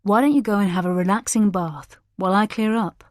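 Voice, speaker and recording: A woman's voice: medium pitch, brisk, darkish tone, no room sound, clean studio sound, natural voice. A woman reading the part of an eager, placating young husband in an audiobook, with a hopeful, pleading manner.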